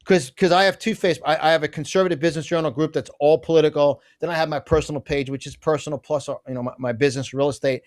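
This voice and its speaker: A middle-aged man with a slightly higher voice talks as an interview guest. His delivery is fiery and emphatic. He rushes through asides and often restarts his sentences. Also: steady tone. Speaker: guest, conservative business publisher. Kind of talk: fiery political interview talk.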